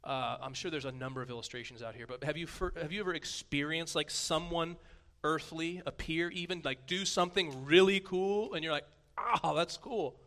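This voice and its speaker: A man in his thirties giving a sermon, conversational and playful, swinging from a hushed voice to booming emphasis. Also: steady tone, a little fast. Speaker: pastor.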